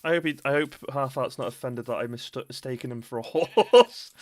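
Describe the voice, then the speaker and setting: A young man from northern England, speaking at medium pitch and a moderate pace, rambles through casual live-stream commentary on a game. He giggles a lot and keeps breaking into laughter, with slight background noise behind him.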